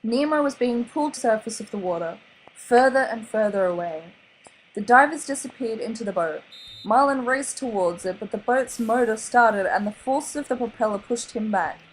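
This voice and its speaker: Expressive Australian woman reading a storybook. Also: a little high, normal speed, slight background noise, low-quality recording. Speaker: reader. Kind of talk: storybook read-aloud.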